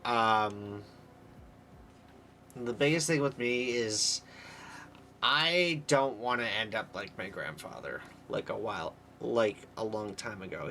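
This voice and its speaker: A young man talks casually with his stream chat, rambling candidly and laughing easily. His voice is bright and his pace slow, with a faint hiss of noise behind him. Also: mid-range voice. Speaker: livestreamer.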